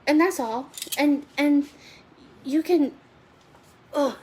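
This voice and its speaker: Hosting a chatty live cooking stream from her home kitchen, a woman rambles and addresses viewers by name. She speaks slowly in a high, slightly mellow voice.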